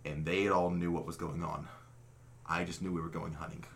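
A man with a low, creaky, fairly bright voice and little pitch movement speaks at a moderate pace. He's a podcast host telling friends a long, humorous childhood story in a casual, foul-mouthed, self-deprecating way.

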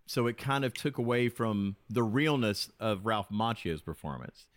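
A man's voice: fairly low pitch, expressive, normal speed, no echo. A man speaking as a podcast guest in casual chat, enthusiastic and talkative, often restarting his sentences. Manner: chatty, enthusiastic, with frequent restarts.

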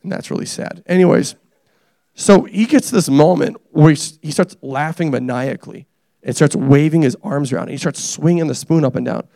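A young man preaching a casual, energetic sermon, joking and teasing the congregation as he tells stories about his family. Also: on the high side, normal speed, gravelly, no echo, studio quality. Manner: animated, joking, self-deprecating. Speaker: pastor.

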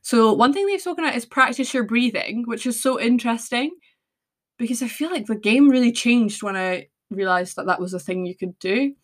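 A woman's voice: on the high side, lively intonation, a little fast. A young woman hosting a podcast, talking casually with fillers, tangents and self-deprecating asides. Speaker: podcast host. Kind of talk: casual solo podcast chat.

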